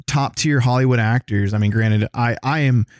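A man from the American South, chatting casually as a co-host, rambling, excitable and full of swearing. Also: medium pitch, moderate pace, no room sound, studio quality. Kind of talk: casual chat.

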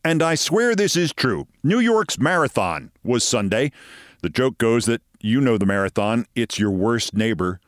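A man's voice: medium pitch, sing-song, a little slow, no room sound, clean studio sound. A man in his sixties hosting a show, telling wry, conversational anecdotes. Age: 60s. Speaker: host. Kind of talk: monologue storytelling.

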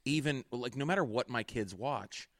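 Middle-aged male host, mid pitch, rambling and chatty, dry close sound. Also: moderate pace, no echo. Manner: rambling, full of "like" and restarts. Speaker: podcast host and comedian. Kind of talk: casual chat.

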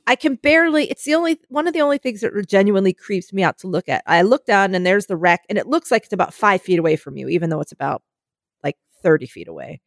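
A young woman in casual conversation, telling a story with lively acted-out voices and the odd swear word. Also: mid-range voice, fast, no room sound, studio quality. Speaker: co-host.

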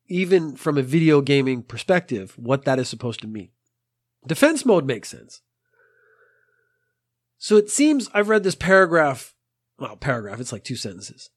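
A man hosting a podcast in a casual monologue, dry and exasperated, rambling at length. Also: a little high. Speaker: podcast host.

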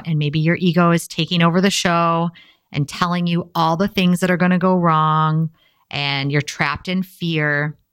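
A woman's voice: deep voice, a bit bright, clean tone, dry recording, clean studio sound. A young woman talking earnestly and casually, encouraging listeners in a motivational self-help talk.

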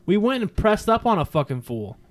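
A man's voice: high-pitched, brisk. Brash, profane man telling stories. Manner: brash, profane, animated storyteller. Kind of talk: casual storytelling chat.

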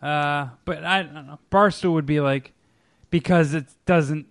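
A man's voice: fairly high pitch, unhurried, no room sound, clean studio sound. A man co-hosting a casual podcast, talking loosely with frequent restarts and swearing. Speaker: podcast co-host. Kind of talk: casual chat.

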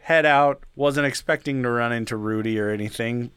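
A young man telling a story casually, with plenty of fillers and curses. His voice sits at an ordinary middle pitch and sounds close and dry. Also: level tone, moderate pace, sharp tone, clean tone, no room sound. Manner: rambling, with many fillers and swearing.

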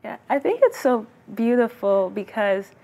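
A woman hosting a faith-centered talk show, reflecting in a thoughtful, measured way. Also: a little high, big pitch swings, dark tone. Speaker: host.

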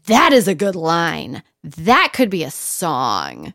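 A woman's voice: on the low side, wildly swooping pitch, measured pace, fairly bright tone, no echo, clean studio sound. A woman singer-songwriter talking candidly in an interview, laughing often and swearing freely. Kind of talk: casual interview chat.

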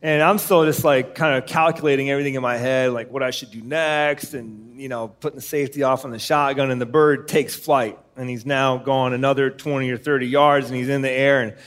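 A man's voice: medium pitch, steady tone, brisk, few pauses, fairly bright tone. A man telling a long hunting story on stage at a live podcast show, rambling with lots of "uh" and laughter. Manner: rambling anecdote full of "uh" and laughter. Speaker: podcast co-host.

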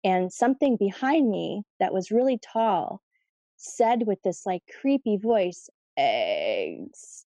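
A woman's voice: mid-range voice, measured pace, warm tone, dry recording. A woman telling a personal story in a casual, chatty way, full of "like" and "you know".

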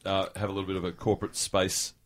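A man's voice: low voice, level tone, fast talker. An Australian man co-hosting a casual radio chat, wry and chuckling, with frequent restarts. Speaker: radio co-host.

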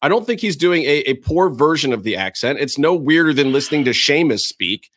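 A man co-hosting a casual wrestling podcast, talking in an animated, emphatic way. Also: a little high, brisk, slight background noise. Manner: animated, emphatic, repeats words. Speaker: podcast co-host.

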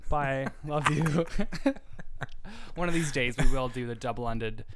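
Podcast co-host, male, mid-pitched, casual and chatty, drops frequent swears. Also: slow pace, background noise.

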